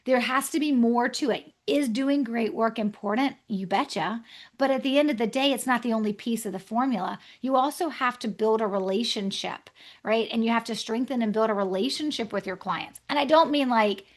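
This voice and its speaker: Woman, guest author, lively explainer, higher pitch, acts out client exchanges. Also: normal speed. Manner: energetic, acts out client dialogues. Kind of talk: conversational podcast interview.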